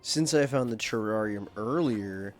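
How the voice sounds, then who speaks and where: A man's voice: on the low side, measured pace, faint music behind. A young man giving casual, rambling gameplay commentary at home, swearing often and full of fillers and restarts. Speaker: gaming video creator. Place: home, at his computer.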